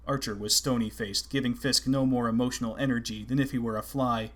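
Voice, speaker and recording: A man narrates an audiobook in a steady, measured reading. His voice sits in a middle pitch.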